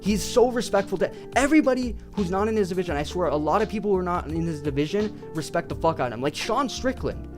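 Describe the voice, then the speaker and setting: A man's voice: sits high, quick pace, few pauses, music in the background. A young man ranting casually about his favorite fighters, swearing constantly and rambling. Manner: profane, rambling, excitable. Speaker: video creator.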